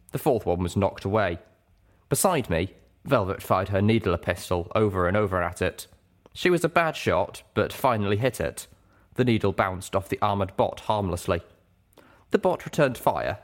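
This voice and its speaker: A man narrating a story aloud as an audiobook reader, with an expressive, dramatic delivery. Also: low voice, moderate pace. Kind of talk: scripted narration.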